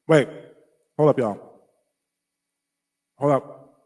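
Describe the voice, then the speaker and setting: A male host giving casual reaction commentary, reading food labels aloud in an animated, exclamatory way. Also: medium pitch, unhurried, pauses often, in a large hall.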